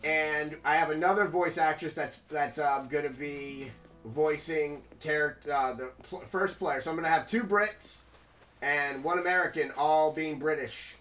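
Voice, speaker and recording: Guy streaming a game, rambly and chatty, bit higher voice, quiet music under it. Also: a little slow. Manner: rambling, chatty, talks to chat. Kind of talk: casual live-stream chat while gaming.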